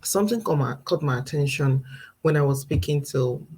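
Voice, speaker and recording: Low-sitting, husky and darkish in tone, her voice is animated at a moderate pace despite the low-quality recording. A mother in her thirties, she's a parenting vlogger speaking earnestly and reflectively on a casual live-stream, laughing occasionally between points.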